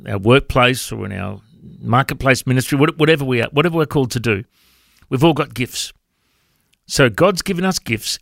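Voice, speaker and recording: A male radio host giving an earnest devotional talk and pressing the listener with questions. His mid-pitched voice has a gravelly fry to it. The recording is close and dry. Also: a bit bright, no room sound.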